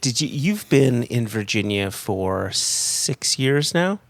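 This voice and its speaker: A man's voice: mid-range voice, sing-song, slow pace, vocal fry, no echo. A man with a Connecticut American accent hosting a podcast in a playful, joking casual chat. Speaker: podcast host.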